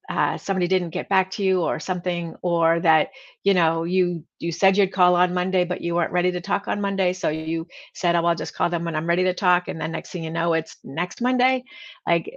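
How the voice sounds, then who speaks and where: A woman's voice: on the low side, gravelly, highs cut off. A woman hosting a vlog, talking casually and rambling, with lots of fillers and restarts. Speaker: vlog host, real estate trainer. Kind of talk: casual talk to camera.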